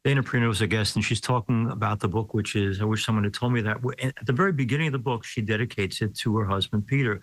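A man's voice: lowish voice, quick pace, hardly any pauses, no room sound, poor audio. An older man who hosts the show and performs weddings as a clergyman, asking long, winding questions and affirming his guest. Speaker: host, clergyman. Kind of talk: interview conversation.

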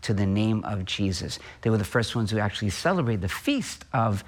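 A man preaching a homily as a priest, earnest, asking and answering his own questions and slowing down on key phrases. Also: lowish voice, lively intonation.

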